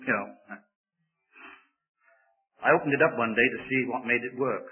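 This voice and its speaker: An older man preaching a sermon in a church, moving between loud, emphatic declaiming and quiet, joking asides to the congregation. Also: mid-range voice, normal speed, slight background noise. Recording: tinny phone-like sermon recording.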